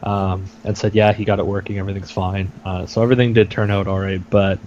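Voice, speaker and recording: Young guy with a low voice rambling through a story on a podcast, lots of ums, kinda dull lo-fi sound. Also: little pitch movement, fast talker, darkish tone. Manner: rambling storyteller, many fillers and swearing. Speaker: podcast co-host. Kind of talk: casual chat. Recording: dull lo-fi sound with faint noise.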